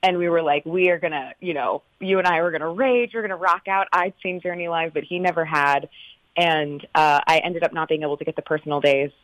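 Low-voiced woman from norcal chatting away in an interview, dry close sound. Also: brisk, no room sound, low-quality recording. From Northern California. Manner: chatty, animated storyteller. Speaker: stage actress, interview guest. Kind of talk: casual interview chat.

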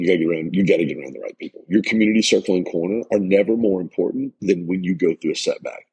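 A man's voice: low-pitched, husky, rough recording. A middle-aged man hosting a motivational podcast, talking earnestly and emphatically with many restarts. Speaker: life coach and podcast host.

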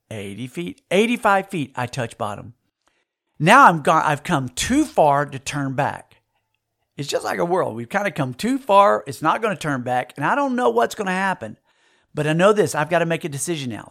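A man, giving a folksy, animated storytelling sermon to young people. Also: fairly high pitch. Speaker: speaker at a youth camp.

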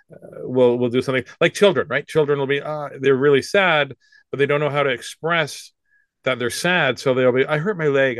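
A man's voice: medium pitch, a bit bright, smooth, no echo, studio quality. A man in his fifties, a comedian guesting on an interview, who talks in a rambling, joking way with many restarts. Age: 50s. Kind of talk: casual interview talk.

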